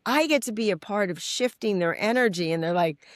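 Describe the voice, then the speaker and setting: A middle-aged woman, a guest in a podcast interview, telling frank stories with animated acted-out voices and casual swearing. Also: on the low side, a little fast, dry recording, clean studio sound. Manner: animated storytelling, acting out quoted voices. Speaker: guest, recovery mentor and author. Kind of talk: candid interview conversation.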